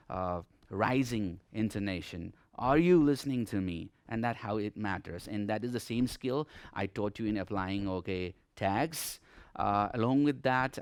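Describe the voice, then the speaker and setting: A man's voice: on the low side, clear, resonant tone, no room sound. A man teaching a grammar lesson in Nepali-accented English, explaining step by step and often saying "okay" as he stresses key words.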